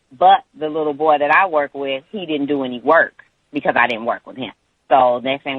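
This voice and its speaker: A man calling in to a radio show, telling a long personal story in a rambling way with many pauses and restarts. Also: medium pitch, no echo. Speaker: caller. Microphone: phone. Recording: tinny phone line.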